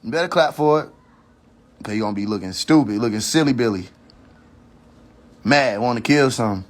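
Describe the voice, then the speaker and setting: A man's voice: mid-range voice, brisk. A man hosting his own livestream, ranting in a heated, preachy and profane way, repeating his warnings and restarting his sentences as he thinks aloud. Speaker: livestream host. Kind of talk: casual rant on a social media livestream.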